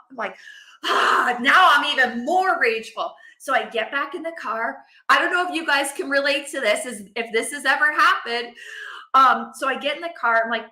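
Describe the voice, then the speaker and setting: A middle-aged woman telling a personal story to camera, animated and acting out her own quotes. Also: high-pitched, echoey room. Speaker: vlogger, mother.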